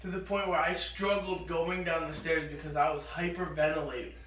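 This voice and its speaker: A man with a high voice tells a story in a relaxed chat and acts out each line he quotes. He sounds a little away from the mic, and the room around him echoes. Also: brisk, recorded from a distance. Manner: animated, acts out quoted lines.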